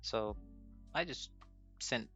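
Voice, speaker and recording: A man's voice: mid-range voice, animated, takes it slowly, sharp tone. A young man hosting his own podcast, telling a personal story casually, nervous and self-deprecating, laughing often. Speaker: podcast host. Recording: dull lo-fi sound with faint music.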